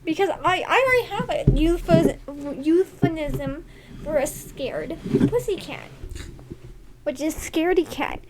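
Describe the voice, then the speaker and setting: A woman's voice: sits high, expressive, slow pace, very noisy. A young woman co-hosting a casual podcast, rambling through playful stories with some swearing. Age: young adult. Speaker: podcast co-host. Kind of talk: casual chat.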